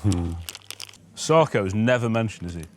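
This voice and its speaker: A man's voice: on the low side, lively intonation, a little slow, a little mellow, a little hiss or hum. A man co-hosting a casual pub chat outdoors, dropping wry asides. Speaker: podcast co-host. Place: outdoor pub beer garden.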